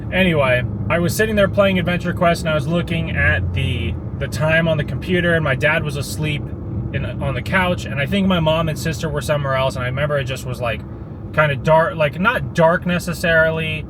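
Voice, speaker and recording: A man's voice: a little high, brisk, background noise. A young man telling a story in a casual vlog, rambling, with lots of "like" and restarts. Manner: rambling, many likes and restarts. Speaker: vlogger.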